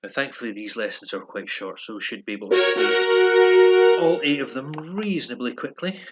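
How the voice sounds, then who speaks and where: A man casually explaining his lessons from a dark room at his computer, relaxed and thinking aloud with pauses. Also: mid-range voice, loud music behind the voice. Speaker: language learner recording his lessons.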